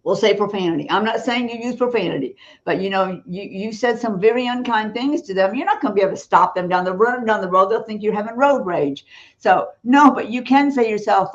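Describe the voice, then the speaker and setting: A woman speaks bluntly and with emphasis, giving spiritual teaching as a guest on a talk show. Her voice sits at a medium pitch and often breaks into short laughs between points. The recording sounds a little dull and lo-fi. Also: a little fast. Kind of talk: blunt preaching-style talk.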